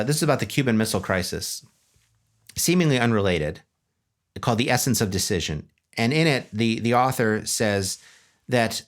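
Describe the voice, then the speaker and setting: A man giving a humorous, animated conference talk on a stage before an audience. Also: mid-range voice. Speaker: speaker.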